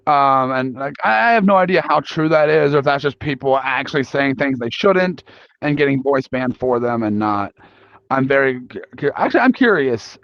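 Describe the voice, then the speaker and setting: Young male panel host, gravelly and a bit high, halting casual talk, dull lo-fi sound. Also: dry recording. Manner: halting, casual, many restarts. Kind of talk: live panel talk polling an audience. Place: convention panel room. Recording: dull lo-fi recording.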